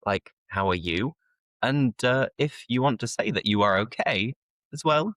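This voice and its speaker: A British man hosts a relaxed conversation with a friend. His voice rises and falls a lot as he plays out little greetings with a playful edge. The sound is dry and close. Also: a little slow, dry recording. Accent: British English. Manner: lively, playful, acts out greetings in high voices. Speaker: host. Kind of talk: casual chat.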